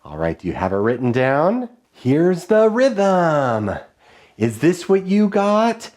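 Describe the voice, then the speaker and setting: Guy teaching kids music, chants rhythms in a bouncy up-and-down voice, slow and clear. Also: sing-song, darkish tone. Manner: clear, encouraging classroom call-and-response; chants rhythm syllables in a high sing-song. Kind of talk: online music lesson for children.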